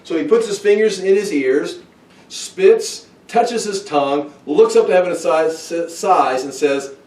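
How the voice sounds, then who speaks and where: A man's voice: high voice, a little slow, darkish tone. A man teaching a Bible study who thinks aloud with restarts and asides. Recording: roomy, from far off the mic.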